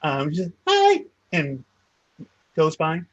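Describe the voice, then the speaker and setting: Man, game master, hesitant narration, medium pitch, dry sound. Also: fairly even intonation, unhurried, dry recording, dull audio.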